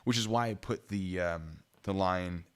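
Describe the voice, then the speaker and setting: A man's voice: low voice, unhurried, smooth. A man hosting his own channel, telling a story casually to his live chat, rambling with frequent laughs and restarts. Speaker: YouTube channel host.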